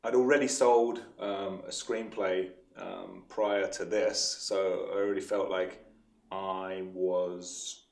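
A man's voice: deep voice, flat delivery, slow pace, vocal fry, reverberant. A man, a filmmaker guest, chatting in a podcast interview, rambling and enthusiastic with easy laughter, recorded in his studio space. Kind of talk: casual interview chat.

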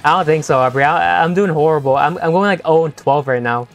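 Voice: mid-range voice, quick pace, soft background music. A young-adult game streamer chatting playfully with viewers during a live session, laughing often and teasing the chat.

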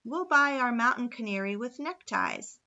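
A woman voicing a calm, shrewd, dignified gentleman who speaks in a measured way. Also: very high-pitched, highs cut off, pitched above the performer's own voice, exaggerated voice. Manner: measured, composed speech.

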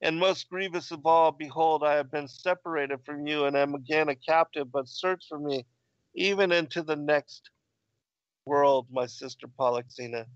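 A man reading the lines of a weeping young captive woman in a plain, measured way. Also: a little high, fairly even intonation, dry recording, lo-fi sound, close to an everyday voice. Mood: sorrowful.

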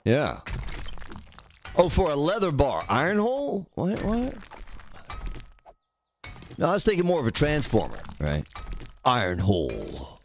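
A man's voice: fairly high pitch, huge pitch swings, unhurried, pauses often, a little hiss or hum. A man streaming a game, joking around and teasing his chat viewers by name as he plays. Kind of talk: casual gameplay livestream commentary.

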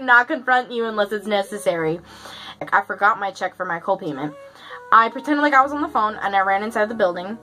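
A woman's voice: a little high, pushed and bright, low-quality recording. A young woman chatting through a story for her vlog, casual and profane, full of fillers. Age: young adult. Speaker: vlogger.

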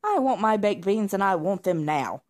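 A woman's voice: medium pitch, animated, normal speed, a little mellow, lightly acted. A woman voicing a lazy, spoiled, snobbish male house cat who grunts and demands, in a read-aloud storybook. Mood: demanding. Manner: grumpy, demanding, huffy.

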